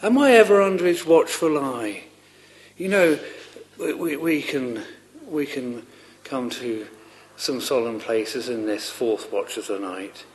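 A man preaching a sermon in an earnest, halting way, often repeating words as he restarts, rising fervently on pleading questions. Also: mid-range voice, animated.

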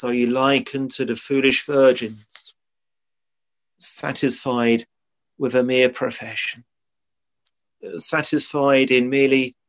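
Slow, solemn male preacher. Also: medium pitch. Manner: solemn, earnest, quoting old scripture. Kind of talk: sermon. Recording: dull lo-fi sermon recording.

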